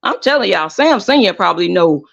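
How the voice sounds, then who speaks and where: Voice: medium pitch, very animated, a little fast, vocal fry, a bit bright. A host giving casual gossip commentary in a chatty, emphatic way, often repeating and restarting phrases. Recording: slightly muffled lo-fi audio.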